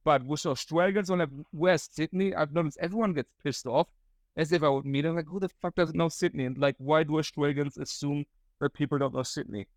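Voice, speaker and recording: A young German man with a German accent hosts a casual solo podcast, rambling through a story, swearing and laughing often, and acting out quotes. His voice is fairly high and fairly quick, with no room sound.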